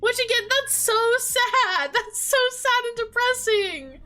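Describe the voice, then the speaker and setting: Young woman video creator, high voice, chatty and emotional, laughs a lot. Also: takes it slowly, faint music behind. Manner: animated, emotional, laughs often. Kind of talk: casual chat.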